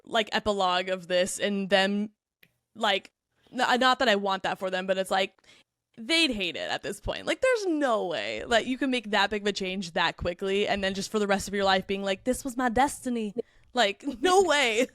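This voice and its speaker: A woman's voice: mid-range voice, very animated, normal speed, a bit bright, dry recording, clean studio sound. A woman co-hosting a podcast, rambling casually and animatedly while sharing her opinions. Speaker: podcast co-host. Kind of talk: casual chat.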